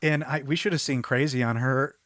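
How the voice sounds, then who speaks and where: A man co-hosting a podcast, chatting casually about a film and acting out characters' lines in quick impressions. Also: mid-range voice, a bit bright, dry recording. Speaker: podcast co-host.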